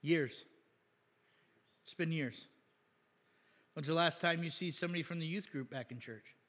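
Pastor, male, slightly high voice. Casual, joking sermon delivery with loud emphatic peaks, echoing church hall. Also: normal speed. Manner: jokey, laughs often, rises to loud emphatic peaks. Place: church sanctuary.

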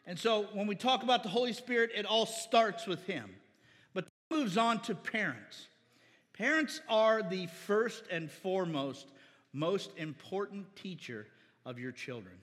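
A high, bright male voice preaches with fervor, calling out for amens and weaving scripture into his exhortation. The middle-aged pastor's words ring through a reverberant church hall. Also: lively intonation, a little slow. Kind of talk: sermon.

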